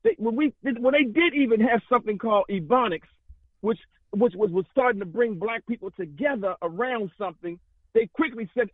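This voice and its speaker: A man's voice: high-pitched, brisk, breathy edge, dry recording. A man calling in to a radio talk show, speaking in a fiery, rambling way and often repeating himself. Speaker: caller. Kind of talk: impassioned call-in talk. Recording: tinny phone line.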